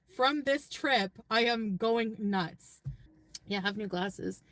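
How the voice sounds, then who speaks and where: A woman's voice: on the high side, slow, a bit bright, no room sound. A woman vlogging casually from her parked car, rambling about her trip and her channel. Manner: rambling, chatty.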